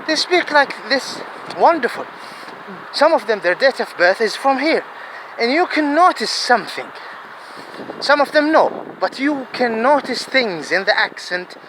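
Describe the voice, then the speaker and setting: Outdoors in a city, a very animated vlogger, a native Arabic speaker with a fairly high voice, talks earnestly at normal speed in a casual monologue. He rambles, circles back and repeats himself; loud wind noise hits the mic on a rough recording.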